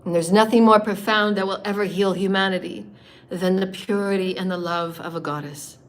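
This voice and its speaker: A woman with a scratchy, hoarse voice gives a heartfelt spiritual talk on a live stream. She strings long, flowing phrases of praise together in a soft, earnest tone. Her pitch sits in a middle range. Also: fairly even intonation, brisk. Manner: heartfelt and reverent, praising and thanking.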